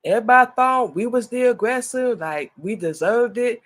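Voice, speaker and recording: A woman's voice: fairly high pitch, normal speed. A woman hosting a radio talk show, speaking earnestly in a casual monologue and repeating herself as she makes her point.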